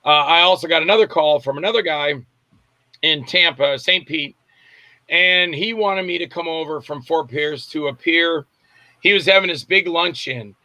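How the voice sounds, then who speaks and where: An older man from Florida tells long, winding stories in a casual interview. His voice sits a little high and sounds bright and forceful. He acts out the other people in his tales, and the recording is close and dry. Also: normal speed, no room sound. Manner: rambling storyteller acting out quotes. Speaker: guest actor and filmmaker.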